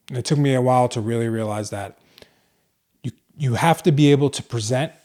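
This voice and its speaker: A man's voice: medium pitch, darkish tone. A man hosting his own podcast, speaking casually and earnestly about leadership, with the odd swear word. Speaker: podcast host, clinic owner. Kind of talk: casual solo podcast monologue.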